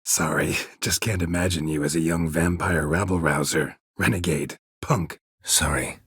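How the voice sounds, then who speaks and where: An actor voicing a gruff, terse middle-aged male monster hunter in a video game, speaking in short, flat, clipped lines. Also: moderate pace, no room sound, full character voice. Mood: curt. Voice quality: very husky, low gravelly voice. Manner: clipped, flat, laconic delivery. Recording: dry studio booth.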